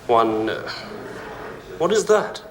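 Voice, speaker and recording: An actor playing a matter-of-fact police sergeant. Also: male voice, medium pitch, sing-song, slow pace, roomy sound, noisy background. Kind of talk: television drama acting.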